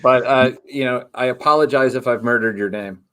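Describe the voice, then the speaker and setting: A man's voice: mid-range voice, fairly quick, sharp tone. A man appearing as a podcast guest, chatting casually and tossing in dry jokes. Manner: dry joking asides. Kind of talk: casual chat.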